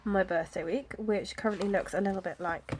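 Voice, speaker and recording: A woman, chatting casually about her planner, with soft, self-deprecating asides and frequent fillers. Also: medium pitch, steady tone, brisk, slight background noise. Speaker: planner vlogger. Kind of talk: casual chat.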